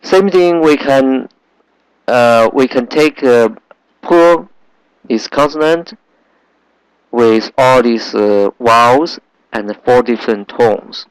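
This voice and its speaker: Male language teacher, unhurried, patient, drills sounds over and over, dry close sound. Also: mid-range voice, clear, resonant tone, no echo, poor audio. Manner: slow, patient, repeats sounds in drills with many fillers. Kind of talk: language lesson.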